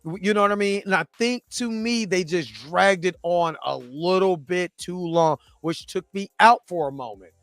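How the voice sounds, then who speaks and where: Animated high-voiced man reviewing TV. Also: normal speed, hardly any pauses, faint music behind. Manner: animated, loose and rambling, acts out characters' lines, laughs often. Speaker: TV review host. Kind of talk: casual video review with reenacted quotes.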